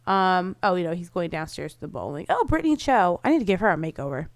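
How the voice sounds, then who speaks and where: Chatty woman with a smooth, dry voice. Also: on the low side, animated, quick pace, dry recording. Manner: chatty, bubbly, lots of "like" fillers. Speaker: gameplay commentator. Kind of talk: casual game commentary.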